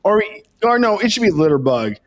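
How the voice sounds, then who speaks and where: A man's voice: high voice, a little fast, slight background noise. A young adult man co-hosting a comedy podcast, telling a rambling story in casual banter and laughing often. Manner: giggly, animated storytelling, frequent laughter. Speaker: podcast co-host.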